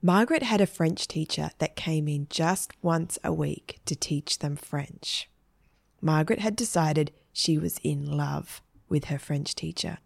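A woman reading a children's story in a gentle, even storytelling manner. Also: low-pitched, creaky, dry recording, studio quality. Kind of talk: scripted children's story narration.

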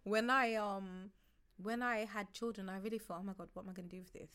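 A woman's voice: mid-range voice, steady tone, a little fast, a bit bright, clean tone. Casual podcast co-host, woman, frank and reflective, mid-range voice. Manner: frank, reflective, talks at length. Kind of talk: casual chat.

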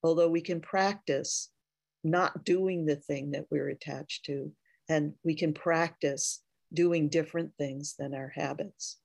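A woman Zen teacher delivers a dharma talk at an unhurried, deliberate pace. Her voice has a gravelly, creaky texture and sits close and dry, with no room echo. She pauses often to reflect as she speaks. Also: deep voice, steady tone, a little mellow. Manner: slow, reflective, with frequent pauses.

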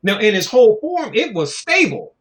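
A man's voice: sits high, huge pitch swings, moderate pace. A man in casual conversation, talking in a loose, profane, preachy way and acting out little voices as he goes. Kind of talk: casual chat.

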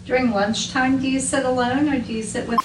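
A woman's voice: high voice, steady tone, brisk. Earnest probing mother, roomy and distant. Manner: earnest, probing, talks over others. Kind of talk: family conversation on a home recording. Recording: echoey room, far from the mic, noisy.

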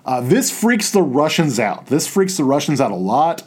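A man's voice: a little high, very animated, moderate pace, darkish tone, breathy edge. Casual, rambling male history teacher. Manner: casual, digressive, many fillers and restarts. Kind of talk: recorded history lecture.

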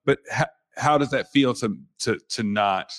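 A man's voice: medium pitch, measured pace, a bit bright. A man hosting a talk show, chatting playfully, stumbling over words and laughing. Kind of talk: casual interview chat.

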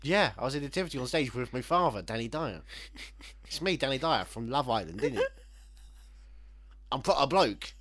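A man's voice: mid-range voice, very animated, moderate pace, pauses often, a bit bright. A man putting on a brash cockney actor impression, boastful and blokey. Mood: swaggering.

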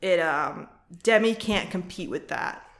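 A woman's voice: on the low side, unhurried. Swearing chatty woman, echoey room. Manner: frank, swears freely, jokey impressions. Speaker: podcast co-host. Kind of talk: casual chat recapping a reality show.

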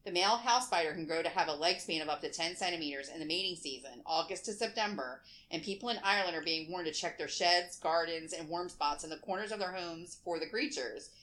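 A woman's voice: on the low side, quick pace, hardly any pauses, a bit bright. A woman co-hosting a podcast in casual chat, laughing often and reading news aloud. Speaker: podcast co-host.

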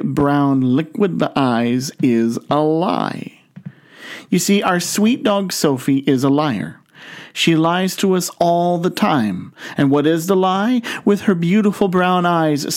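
Male pastor, fairly high voice, storytelling sermon, drawn-out words for emphasis.

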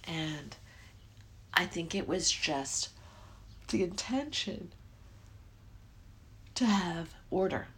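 A woman's voice: on the low side, expressive, drawn-out words, pauses often. A middle-aged woman hosting a podcast, talking in a rambling, self-interrupting way and yawning often. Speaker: podcast host. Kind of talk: casual spiritual podcast monologue.

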